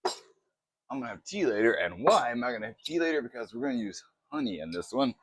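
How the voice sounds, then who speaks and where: A man chatting through a casual cooking demo in his home kitchen, excitable and poking fun at himself. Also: mid-range voice, fairly quick, breathy edge, no echo. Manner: chatty, excitable, self-mocking. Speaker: cooking vlogger.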